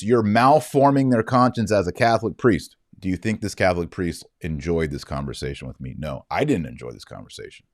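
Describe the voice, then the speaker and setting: A middle-aged man hosting a podcast, telling a story in a lively way and acting out the quoted dialogue. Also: fairly low pitch, brisk, hardly any pauses, no echo, studio quality. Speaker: podcast host. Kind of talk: casual commentary monologue.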